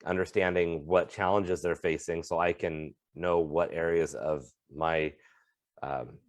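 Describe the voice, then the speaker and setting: Earnest low-voiced man, dry close mic. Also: steady tone, a little slow, dry recording. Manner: earnest, thoughtful, supportive. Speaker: podcast co-host, comedian and motivational speaker. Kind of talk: casual chat.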